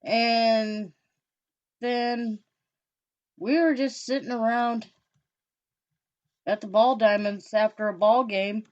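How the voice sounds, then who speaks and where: A woman's voice: on the high side, fairly even intonation, takes it slowly, long pauses. A young woman co-hosting a talk show, telling stories in an easygoing casual chat. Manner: easygoing, storytelling. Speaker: podcast co-host. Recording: dull lo-fi recording.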